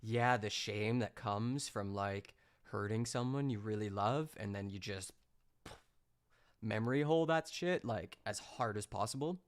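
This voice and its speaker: A man's voice: fairly low pitch, measured pace. Sarcastic male streamer. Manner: incredulous, sarcastic. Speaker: streamer reacting to a clip. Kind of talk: casual live-stream commentary.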